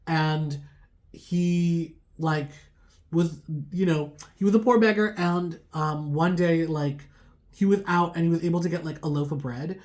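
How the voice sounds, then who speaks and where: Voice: mid-range voice, steady tone, measured pace, darkish tone. A tarot reader telling a folk tale in a chatty, casual way, full of fillers. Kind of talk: casual storytelling.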